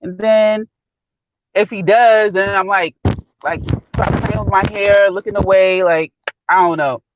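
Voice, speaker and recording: A woman from Brooklyn on a live talk panel, expressive and acting out her quotes in casual chat. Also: medium pitch, unhurried, dull audio, background noise. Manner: expressive, acts out quotes, laughs easily.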